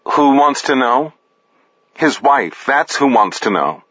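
A man's voice: medium pitch, sing-song, takes it slowly, a bit bright, slightly rough, no echo, dull audio, pitched above the performer's own voice, full character voice. A man reading a tough, profane woman caller in a raised voice, impatient and blunt. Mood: insistent. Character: hard-bitten woman hunting her husband.

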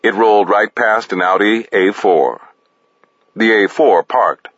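Dry, unhurried male audiobook narrator with a low voice. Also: fairly bright tone, no room sound. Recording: dull, dry close recording.

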